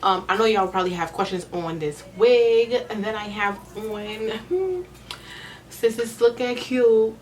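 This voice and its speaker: A woman's voice: mid-range voice, fairly even intonation, normal speed, hardly any pauses, a little mellow, slight background noise. A young woman filming a casual vlog at home, chatting playfully with her viewers and giggling through her nerves. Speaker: vlogger. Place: small room at home under a ring light.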